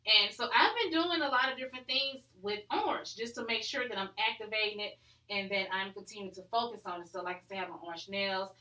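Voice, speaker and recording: A woman podcast host talks in a chatty, upbeat way and fills her speech with plenty of "um"s and "you know"s. Her voice is bright and forward. The recording has a noticeably echoey room sound. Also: medium pitch, quick pace. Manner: chatty and upbeat, many fillers. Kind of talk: casual solo podcast talk.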